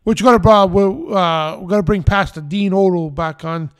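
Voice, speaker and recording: A man with a notably high voice co-hosts a talk radio show. He speaks bluntly and with strong opinions, tossing in quick asides in a casual, chatty way. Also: clear, resonant tone. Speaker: co-host.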